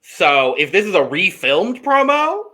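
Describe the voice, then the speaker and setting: Man hosting a podcast, bright and lively, upbeat and steering the talk. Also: high voice, a little slow. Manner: upbeat, leads the discussion. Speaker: podcast host. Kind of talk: casual podcast chat.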